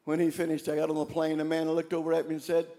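An older man preaching a sermon, passionate and shouting his refrains. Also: fairly high pitch, monotone, quick pace, in a large hall, slight background noise. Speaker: pastor. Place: church sanctuary.

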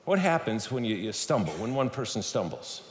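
A man's voice: lowish voice, moderate pace. A man preaching a sermon in a church, telling stories with humor and speaking to the audience directly. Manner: animated storytelling, playful, talks to the audience. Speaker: guest speaker at a church service. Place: church sanctuary. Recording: echoey hall, faint room noise.

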